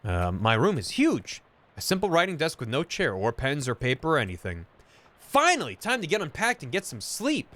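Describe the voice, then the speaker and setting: A male streamer reads a video game's narration aloud, breaking off for casual asides. His pitch sits slightly high and moves lively, and the tone is bright and forceful. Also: moderate pace. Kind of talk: reading game text aloud while playing.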